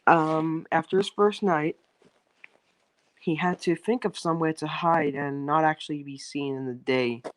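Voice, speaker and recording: A man's voice: fairly high pitch, fairly even intonation, unhurried, slight background noise. A young man rambles through a story over a phone call. He stops and restarts often and fills the gaps with ums. His tone is casual and a little profane. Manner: hesitant, full of restarts and "um"s, loose and swearing. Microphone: phone on an online call.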